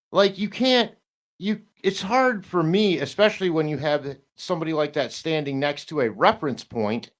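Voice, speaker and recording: Rambling man in casual chat. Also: fairly high pitch. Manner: rambling, halting, many restarts, swears and laughs. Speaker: guest.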